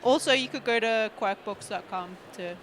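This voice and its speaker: A woman's voice: mid-range voice, normal speed, a bit bright, slight background noise. A woman guest on a podcast, chatting playfully and laughing with the group. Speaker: guest comic artist. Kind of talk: casual chat.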